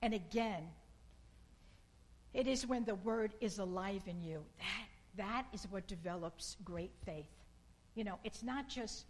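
A woman giving an informal sermon in a slow, earnest and repetitive way, with bursts of emphasis. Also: mid-range voice, slight background noise, rough recording.

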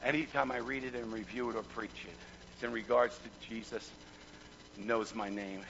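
A man preaching a fervent sermon, repeating words and building to shouts. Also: mid-range voice, fairly even intonation, normal speed, vocal fry, lo-fi sound, slight background noise. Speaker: pastor.

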